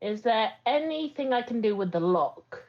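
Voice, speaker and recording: A woman joins a tabletop game in a casual, playful manner. Her voice sits a little high and moves around a lot in pitch. The sound is dull and lo-fi. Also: lively intonation, normal speed. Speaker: player. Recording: dull lo-fi mic.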